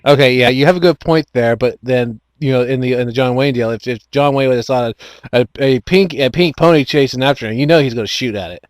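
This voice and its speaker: A man's voice: medium pitch, brisk, no echo. A man hosting an online chat show, rambling with many restarts and frequent laughs. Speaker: host.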